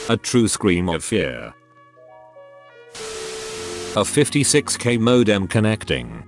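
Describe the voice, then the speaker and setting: A man narrating forum posts aloud in an even, mechanical read-through, spelling out letters as written. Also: on the low side, slow pace, long pauses, music in the background. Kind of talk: scripted narration.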